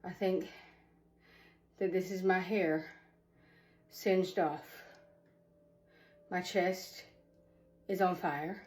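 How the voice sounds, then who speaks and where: A woman's voice: on the low side, fairly even intonation, extremely slow, long pauses, darkish tone. A woman vlogging casually while shaken and in shock, talking in a rambling way with nervous laughs. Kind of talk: casual vlog.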